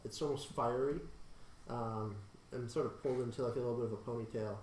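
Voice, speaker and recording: A man narrating as game master of a tabletop game, halting, with many ums and uhs. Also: medium pitch, steady tone, darkish tone, roomy sound, recorded from a distance, slight background noise, low-quality recording.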